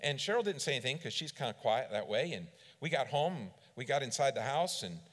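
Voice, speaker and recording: A middle-aged man preaching a sermon as a church district superintendent, telling stories and swinging between loud emphasis and quiet asides. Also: medium pitch, sing-song, a little fast. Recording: long reverb of a large hall.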